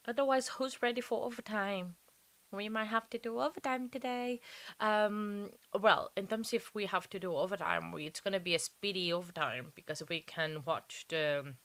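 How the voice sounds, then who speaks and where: Woman host, casual live commentary, rambling and chatty, bright tone, dry close sound. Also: on the low side, no room sound. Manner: rambling, chatty, talks to chat viewers. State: sleepy, yawning. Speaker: livestream host.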